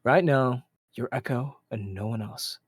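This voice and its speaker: A man voicing a calm, kindly male mentor with glasses, who speaks in a measured, encouraging way and chuckles often. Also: mid-range voice, husky, no room sound, clean studio sound.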